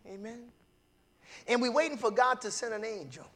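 A male preacher delivering a sermon with call-and-response, mixing casual talk with sudden shouted bursts. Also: very high-pitched, normal speed. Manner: casual conversational preaching with laughter.

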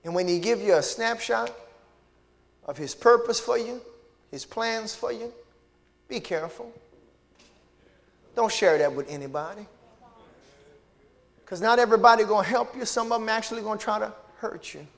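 A pastor's high, creaky, fairly bright voice carries through a big church sanctuary at normal speed, broken by long pauses. His sermon runs on call and response, with frequent hallelujahs and amens and calls to the congregation.

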